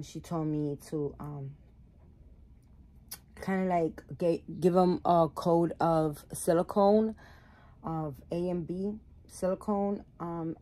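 A woman's voice: fairly low pitch, darkish tone. Chatty, rambling middle-aged woman. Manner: rambling, self-correcting, chatty. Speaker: doll-making vlogger. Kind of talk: casual chat to viewers.

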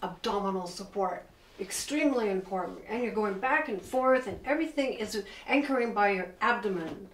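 A middle-aged woman teaching piano, explaining with enthusiasm as she plays and counting the beats out loud. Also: mid-range voice, lively intonation, moderate pace. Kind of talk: piano lesson. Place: room with a piano. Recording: echoey room, distant mic.

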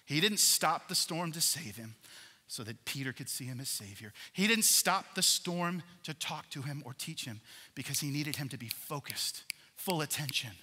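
A man preaching a sermon as a pastor, animated, swinging between loud emphasis and hushed passages. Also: medium pitch, husky, long reverb tail.

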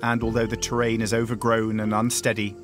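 A man's voice: on the low side, completely flat delivery, brisk. A man presenting a travel documentary, narrating and interviewing outdoors in the bush with an encouraging manner. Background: background music.

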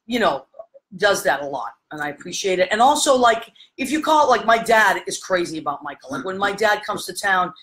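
Woman, talk show host, casual interview chat, gushing, animated storyteller, middle pitch. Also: a little fast, poor audio. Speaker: podcast host.

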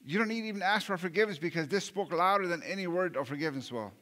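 A man preaching a sermon with a bright, forceful voice pitched a little high. He talks earnestly, stumbles over repeated words and restarts, and keeps asking his listeners questions. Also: racing. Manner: rhetorical questions to the congregation. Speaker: pastor.

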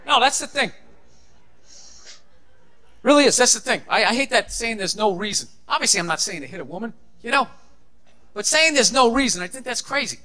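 A man's voice: very high voice, expressive, a little fast, pauses often, bright, forceful tone. A man performing a stand-up comedy set, ranting and sarcastic, swearing often. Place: comedy stage before a live audience.

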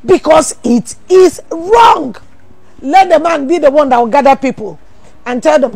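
A woman pastor, preaching a sermon full of rhetorical questions, teasing asides and sudden shouted emphasis. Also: high-pitched, animated, moderate pace.

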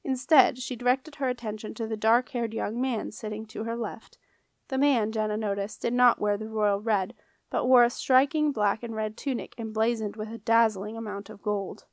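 A woman narrating a children's fantasy audiobook in a measured, expressive storytelling manner. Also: on the high side, dry recording. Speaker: audiobook reader.

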